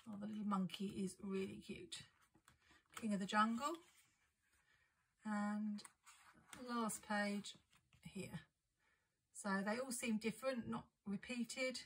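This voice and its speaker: A woman's voice: mid-range voice, fairly even intonation, takes it slowly, pauses often, a little hiss or hum, low-quality recording. A woman chatting casually and enthusiastically as she unboxes and describes craft supplies for her vlog. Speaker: craft and planner vlogger. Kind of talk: casual haul unboxing chat.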